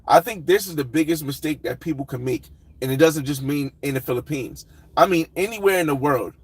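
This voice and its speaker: A man hosting a casual livestream, reading viewer comments and rambling through his thoughts with loud shout-outs. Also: on the high side, brisk, husky, no echo, poor audio. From United States. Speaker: livestream host.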